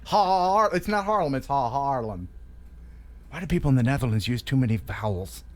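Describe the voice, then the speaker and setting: A man's voice: medium pitch, fast talker. A man hosting a live stream, joking around and reading chat messages. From USA. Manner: joking, animated. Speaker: host.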